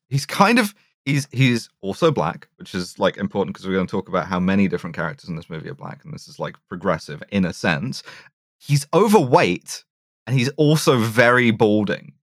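A man's voice: lowish voice, expressive, brisk, fairly bright tone, no echo, clean studio sound. Chatty man recapping a film. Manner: chatty, recaps plot with acted-out quotes. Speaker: podcast co-host. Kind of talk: casual film discussion.

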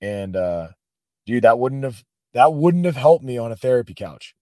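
A man's voice: mid-range voice, sing-song, normal speed, dark tone, no room sound. A man, a podcast guest and former soldier, telling stories in a casual, emotional way, full of "bro" and "man". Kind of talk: casual storytelling.

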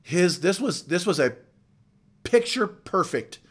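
A man preaching a sermon, earnest and building emphasis with slow, drawn-out words. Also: sits high, big pitch swings, fairly bright tone, husky. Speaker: pastor.

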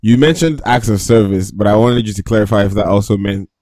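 A man co-hosting a casual chat, talking in a measured, reflective way. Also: lowish voice, darkish tone, no room sound.

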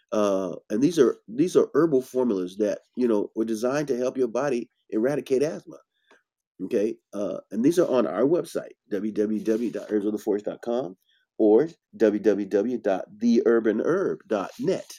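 Blunt, preachy man with a mellow voice. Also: medium pitch, expressive, normal speed. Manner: blunt, preachy, emphatic bursts. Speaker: herbalist host. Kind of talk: casual health talk.

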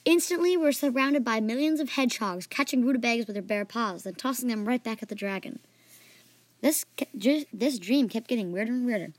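A woman's voice: a little high, no echo. A woman narrating a playful, made-up adventure story in a casual way, adding sound effects and asides.

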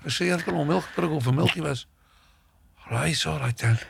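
Gravelly, bright-toned man. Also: a little high, quick pace, slight background noise. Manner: animated anecdotes with acted-out quotes and swearing. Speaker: guest. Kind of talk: casual chat, storytelling.

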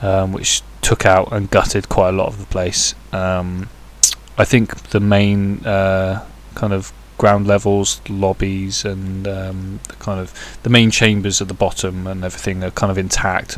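A man with a low voice speaks at a measured pace and a flat delivery. He's hosting a podcast alone, rambling casually with lots of hesitations and crude, jokey asides.

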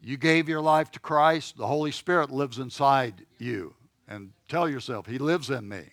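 A man's voice: mid-range voice, normal speed, gravelly, a bit bright, no echo. A man teaching a Bible class in a church setting, talking in a conversational way and checking in with his listeners.

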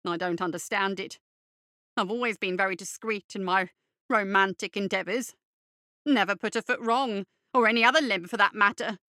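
A man's voice: sits high, moderate pace, bright, forceful tone, clear, resonant tone, dry recording, studio quality. A woman voicing a thin, cowardly, foppish male bureaucrat in an audiobook, whiny, pompous and fussy. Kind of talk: audiobook character voice.

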